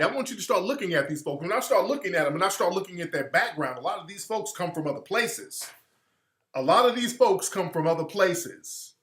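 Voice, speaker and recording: A man's voice: sits high, fairly bright tone, reverberant. A man from Alabama giving an emphatic, opinionated monologue as a commentator, hammering his points home with repetition. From Alabama, US South.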